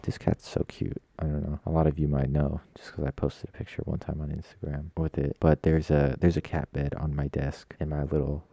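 Very deep gravelly young man, rambling. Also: dark tone, no room sound. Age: young adult. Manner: rambling, digressive, self-mocking. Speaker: podcast host. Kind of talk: casual solo chat. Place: at his desk at home.

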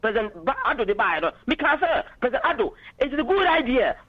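A man's voice: extremely high pitch, sing-song, fast, no room sound. A man calling in to a political radio talk show, arguing passionately and switching into English phrases, heard over a dull phone line. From Ghana.

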